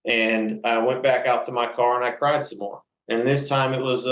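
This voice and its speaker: A man's voice: mid-range voice, fairly even intonation, moderate pace, fairly bright tone. A man speaking as a podcast guest, telling a candid personal story in an earnest, rambling way with many fillers and restarts. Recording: echoey room.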